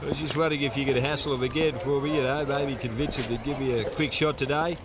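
A man's voice: mid-range voice, steady tone, fast, background noise, lightly acted. A man with an Australian accent playing a sacked former cricket commentator, eager and wheedling as he begs for his job back. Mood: pleading. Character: sacked male ex-commentator begging for work.

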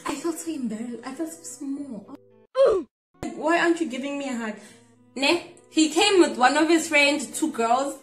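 A young South African woman in casual storytime chat, animated and mixing Zulu phrases into her English as she acts out what was said. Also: high voice, normal speed. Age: young adult. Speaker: vlogger telling a story. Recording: echoey room, background music.

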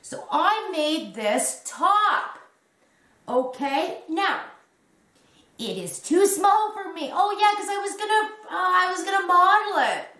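A woman's voice: extremely high pitch, expressive, slow pace, bright, forceful tone. A woman in her fifties chatting casually at home about her crochet, rambling and restarting her sentences with little giggles. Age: 50s. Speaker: crochet vlogger. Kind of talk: casual show-and-tell chat. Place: home room. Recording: echoey room.

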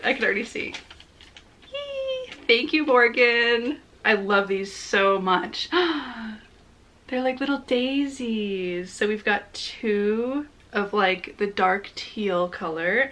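A young woman crochet vlogger chatting casually while unboxing, gushing and excitable with gasps and giggles. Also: mid-range voice.

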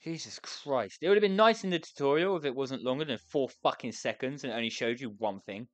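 A woman's voice: rumbling low, a little fast, dry recording. A woman commentating her own gameplay as a let's play, stressed and flustered, ranting and swearing at the game in exasperation. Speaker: gamer playing a restaurant sim.

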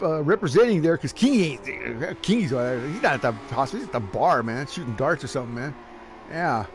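남자 심레이싱 해설자, 들뜨고 농담 많은 말투, 약간 높은 목소리, 잡음이 뚜렷한 녹음. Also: male voice, fairly high pitch. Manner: excitable, joking, laughs often. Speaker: race commentator. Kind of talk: casual sim racing commentary. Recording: noisy background.

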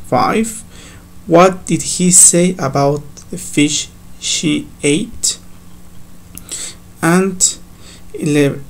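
A man whose first language is Spanish, teaching an English grammar lesson slowly, step by step, with fillers. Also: fairly high pitch, vocal fry. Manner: slow, step-by-step explaining with fillers.

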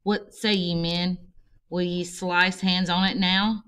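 A woman's voice: fairly low pitch, flat delivery, slow, fairly bright tone, smooth. A woman voicing an obsessed, fierce old male sea captain in an amateur audiobook reading, declaiming with vengeful force. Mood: rousing.

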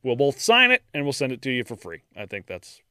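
A man with a Midwestern American accent co-hosting a podcast, joking and laughing as he reads shout-outs. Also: wildly swooping pitch, a little fast, smooth, dry recording, clean studio sound. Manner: jokey, laughs a lot, swings pitch widely. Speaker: podcast co-host. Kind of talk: casual podcast chat with plugs.

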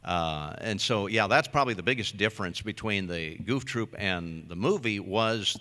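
A man's voice: fairly low pitch, expressive, normal speed, pushed and bright. An older man, a voice actor on a convention panel, telling recording stories in an easygoing, self-deprecating way. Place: large convention hall. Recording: reverberant hall through PA.

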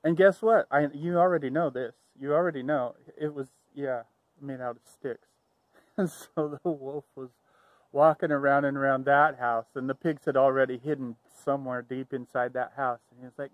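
A man's voice: medium pitch, fairly even intonation, moderate pace, no echo, narrow, tinny audio. A man telling an improvised story in a playful, rambling way, often correcting himself.

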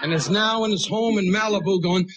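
A man doing a roast on stage, with brash, rapid-fire insult humor and sudden shouted punchlines. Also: high-pitched, muffled recording, heavy background noise. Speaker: roast comedian. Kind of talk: stand-up roast routine.

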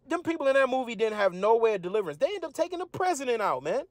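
Man, high voice, dry close sound. Casual preacher who reads verses slowly and explains them in slang. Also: big pitch swings, dry recording. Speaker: religious teacher. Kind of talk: informal scripture teaching.

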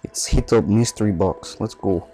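A man putting on a mock Russian accent as a deadpan, trash-talking gamer persona. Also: lowish voice, moderate pace, faint music behind, close to an everyday voice, rough recording. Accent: put-on Russian.

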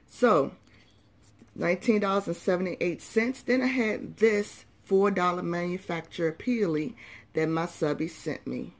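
A woman's voice: on the low side, measured pace. Groggy-voiced woman in a chatty haul vlog. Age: adult parent of young children. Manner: chatty, addresses viewers as y'all and subbies. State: groggy early-morning voice. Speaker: couponing vlogger.

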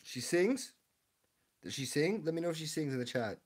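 A man's voice: on the high side, sing-song, moderate pace, slightly rough. A young man live-streaming, reading his chat and opening card packs, confused and laughing, often repeating himself.

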